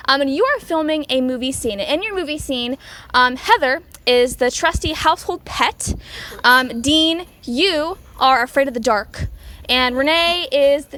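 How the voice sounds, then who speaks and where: Upbeat young woman hosting, high voice. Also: measured pace, bright, forceful tone. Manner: upbeat, filler-heavy. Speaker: program host. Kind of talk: hosting a youth program.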